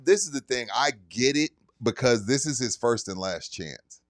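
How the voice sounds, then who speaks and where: A man's voice: medium pitch, lively intonation, normal speed, no echo, studio quality. A man co-hosting a sports radio show, talking in a laid-back way and chiming in with his own takes. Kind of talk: casual sports talk.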